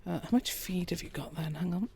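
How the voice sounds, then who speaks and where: Calm woman streaming a game, soft and easygoing, a touch of vocal fry. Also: fairly low pitch, a little fast, slight background noise. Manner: quiet, relaxed, chats with viewers. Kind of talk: calm gameplay commentary.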